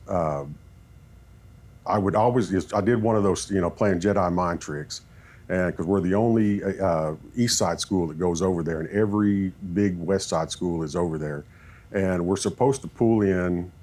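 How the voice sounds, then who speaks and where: A man who coaches football, telling animated stories in a podcast chat and acting out what people said. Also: sits low, moderate pace. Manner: animated storyteller, acts out quoted talk.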